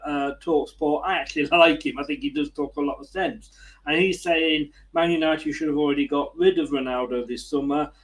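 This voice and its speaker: A man's voice: fairly high pitch, rough recording. A man hosting a casual football chat, chatty and laughing easily. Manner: chatty, laughing, frequent fillers. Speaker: host.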